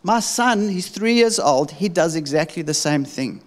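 Man teaching with animated stories. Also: a little high, moderate pace, in a large hall. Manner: animated storytelling with many restarts. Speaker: deliverance minister. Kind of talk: conversational teaching.

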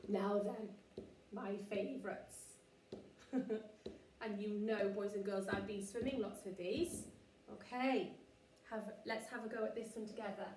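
A woman teacher, slowly modelling words for children to repeat in a lesson. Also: a little high, mellow, recorded from a distance, a little hiss or hum. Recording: echoey room, voice from off the mic.

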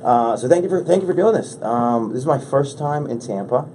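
A man's voice: mid-range voice, a little fast, a little hiss or hum. A man hosting a podcast in casual chat, telling rambling stories full of restarts, recorded in a radio studio room. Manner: rambling, animated storytelling with many restarts. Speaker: podcast host.

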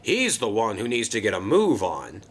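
A man voicing an excitable, bossy male crane who shouts warnings. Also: fairly low pitch, moderate pace. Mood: urgent. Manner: shouting, eager.

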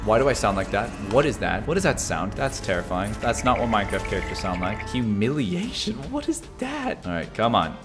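A young man hosting a gaming video, giving excited play-by-play commentary that jumps into shrieks and yells. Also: on the low side, quick pace, hardly any pauses, over music.

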